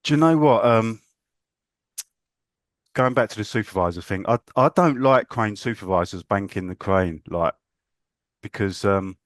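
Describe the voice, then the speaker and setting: A man's voice: fairly low pitch, lively intonation, measured pace, long pauses, no room sound, studio quality. A man hosting a podcast, chatty and agreeable, often saying "yeah". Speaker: podcast host, crane operator. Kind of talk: casual podcast chat.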